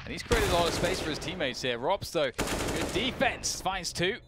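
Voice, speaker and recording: A man doing play-by-play commentary on an esports match, building excitement as the action unfolds. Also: sits high, normal speed, very noisy.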